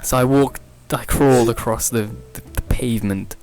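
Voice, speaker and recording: A young man hosting a podcast, rambling through an improvised absurd comedy story, often laughing at his own jokes and leaping up in pitch when he quotes people. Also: normal speed, darkish tone, soft background music. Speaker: podcast host.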